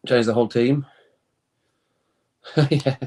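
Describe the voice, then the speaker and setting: A man's voice: mid-range voice, fairly even intonation, slow, mellow. A man hosting a casual watch-along stream, chatting with viewers and often laughing. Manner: chatty, reads chat comments aloud, laughs often, reacts to play. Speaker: live stream host.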